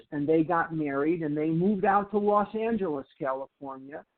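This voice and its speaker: An older man giving an inspirational recovery talk, telling a story with slow, emphatic, drawn-out phrases. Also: high-pitched. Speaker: recovery program speaker. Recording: tinny phone-like audio.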